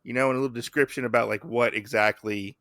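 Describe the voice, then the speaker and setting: A young man talks through a comic in a relaxed podcast chat, bright and forceful in tone. He acts out the characters' lines with lots of animation. The sound is close and dry. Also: medium pitch, fast talker, no echo. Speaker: podcast co-host. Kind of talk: casual chat recapping a comic.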